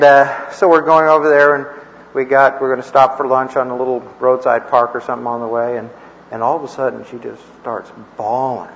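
Guy teaching a church class, folksy and rambly, middle pitch, sounds like a big echoey hall on a dull old recording. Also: a little hiss or hum. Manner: rambling, folksy, chuckling asides. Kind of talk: informal teaching with stories.

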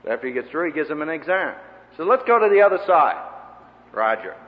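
Animated male preacher in an echoey hall. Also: fairly high pitch, quick pace. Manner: animated, acts out voices in his stories, wry humor. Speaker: seminary teacher preaching. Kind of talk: lively storytelling sermon. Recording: echoey hall, dull lo-fi tape with faint hiss.

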